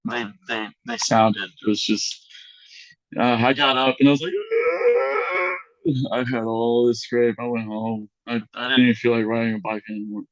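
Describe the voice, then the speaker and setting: A young man of average pitch spins a long, rambling story in casual podcast chat. He acts out the lines of other people, so his pitch shoots way up. The sound is close and dry, with a slightly muffled top end. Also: brisk, dry recording. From Mexican heritage. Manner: animated, acts out quotes with big voice jumps, lots of fillers. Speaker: podcast guest.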